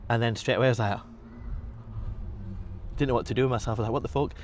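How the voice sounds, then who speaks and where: Fast-talking bodybuilder telling stories. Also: male voice, medium pitch, a little hiss or hum. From England. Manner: swears freely, animated storytelling. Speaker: podcast guest, bodybuilder. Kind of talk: casual storytelling.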